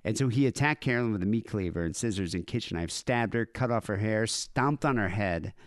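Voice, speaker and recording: A man's voice: lowish voice, lively intonation, fairly quick, dry recording, studio quality. A man co-hosting a podcast, casually reading out news stories with wry asides and fillers. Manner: wry, laid-back storytelling with frequent fillers. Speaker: podcast co-host.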